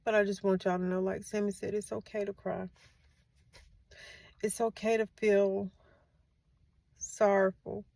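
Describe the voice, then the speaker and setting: A woman in her forties, a grieving mother who hosts a channel, speaks softly and with emotion in a heartfelt faith-based vlog, tearful from crying and repeating phrases to comfort her listeners. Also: mid-range voice, level tone, a little slow, gravelly, long pauses, no room sound. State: tearful, has been crying.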